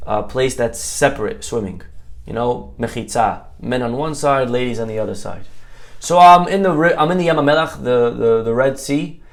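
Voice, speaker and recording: A rabbi preaching to his listeners, a man from Brooklyn. He tells stories with energy, acting out each exchange and checking in with quick asides to the room. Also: medium pitch. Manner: animated storyteller, acts out dialogue, many "okay?" asides. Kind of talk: sermon with storytelling.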